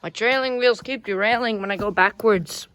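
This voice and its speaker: A woman's voice: mid-range voice, normal speed, fairly bright tone, dry recording, natural voice. A woman voicing a goofy, talkative male toy train engine that squeals, yelps and mocks itself. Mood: playful. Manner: playful, self-mocking, squeals and yelps. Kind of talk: playful toy role-play.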